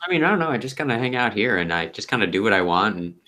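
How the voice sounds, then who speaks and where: A man's voice: on the low side, big pitch swings, rapid-fire, bright, forceful tone. A man voicing an easygoing young fey who lives alone in a tower, rambling and hesitant with lots of fillers. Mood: laid-back. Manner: rambling, hesitant, laid-back.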